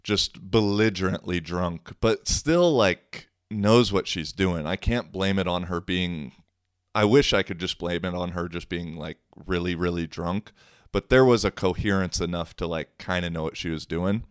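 Low-voiced young guy rambling a story on his podcast, lots of likes and restarts, dry mic. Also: normal speed, clean tone, no room sound. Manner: rambling, frequent fillers and restarts, wry. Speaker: podcast host. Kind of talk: casual storytelling monologue.

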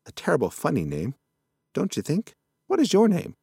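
A forgetful old possum from a storybook, rambling on in a folksy, muddled way, as a man puts him on. His voice climbs high and swoops all over. The sound is dry and close. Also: wildly swooping pitch, moderate pace, creaky, dark tone, husky, no room sound, exaggerated voice.

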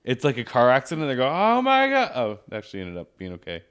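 A man's voice: mid-range voice, animated, racing, smooth. A man co-hosting a casual podcast chat, laughing often and slipping into playful voices. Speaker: podcast co-host.

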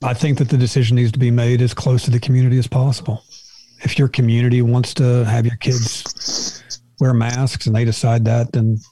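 A man answering as a podcast debate panelist in a calm, matter-of-fact way. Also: mid-range voice, moderate pace.

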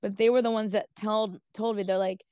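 A woman's voice: medium pitch, little pitch movement, fairly quick, a little mellow, clear, resonant tone, no room sound. A woman co-hosting a podcast, telling a story in casual chat, rambling with lots of "like" and "dude" and casual swearing. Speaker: podcast co-host.

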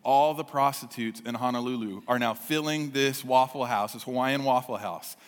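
A male pastor telling a story in a sermon, with an animated, chatty manner. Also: mid-range voice, moderate pace, long reverb tail.

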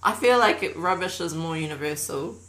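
Low-voiced woman in casual banter. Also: expressive, fairly quick, a bit bright, low-quality recording. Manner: laughing, playful, trails off mid-sentence. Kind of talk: casual chat.

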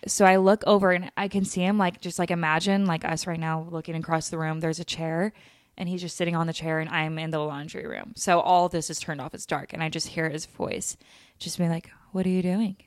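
A woman's voice: low voice, flat delivery, fairly quick, no room sound, studio quality. A young woman hosting a podcast, telling a story in a candid way, swearing freely and laughing as she goes. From lived in Utah. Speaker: podcast host. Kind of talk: casual storytelling chat.

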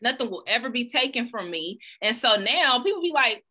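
A woman's voice: a little high, moderate pace. A woman with children telling stories in a casual chat, acting out the people she quotes. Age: adult with children. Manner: animated storyteller, acts out quoted voices.

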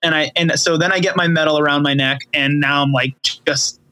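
A man guesting on a podcast over a remote call, telling a heartfelt story in casual chat with halting speech and many restarts. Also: on the high side, steady tone, sharp tone, no echo, rough recording.

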